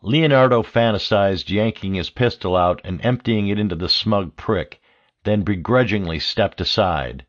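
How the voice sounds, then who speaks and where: A man narrating an audiobook thriller in a steady, measured reading. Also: on the low side, lo-fi sound. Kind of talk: scripted narration.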